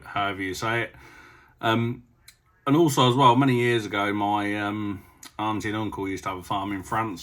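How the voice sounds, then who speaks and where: A man's voice: on the low side, a bit bright. A young adult man, chatting casually as a farming vlogger and rambling through stories with lots of ums. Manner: rambling, with many ums and a storytelling drift. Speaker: farmer vlogger. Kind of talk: casual vlog chat.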